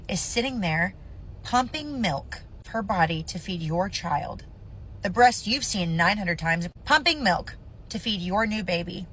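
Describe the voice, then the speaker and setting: A woman's voice: mid-range voice, fairly bright tone, slight background noise. A woman in her thirties telling a painful personal story to camera, blunt, profane and impassioned.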